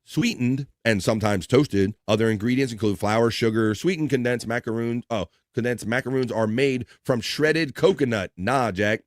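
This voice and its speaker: A man hosts a relaxed live stream, rambling through viewer comments with loose jokes and casual swearing. His voice sits in a middle pitch. The sound is dry and close, with no room echo. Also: normal speed, hardly any pauses.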